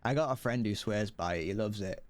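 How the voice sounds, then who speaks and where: A man with a British accent talking through a game stream in a slightly low voice. He rambles off-topic, stumbles and restarts his sentences, and chuckles at his own remarks. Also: a little fast. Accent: British English. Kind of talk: casual game-stream chatter.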